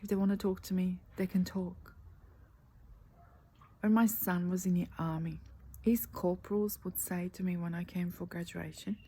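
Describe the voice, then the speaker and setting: Dark-voiced woman coaching softly. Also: lowish voice, fairly even intonation, rough recording. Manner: earnest, slow and emphatic, often dropping to a breathy near-whisper. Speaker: life coach. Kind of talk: motivational talk. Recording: faint background noise.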